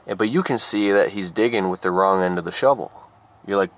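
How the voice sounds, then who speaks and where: A man giving an improvised motivational story in an animated, emphatic way. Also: fairly quick. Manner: animated, emphatic, jumps up in pitch for effect. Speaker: motivational speaker.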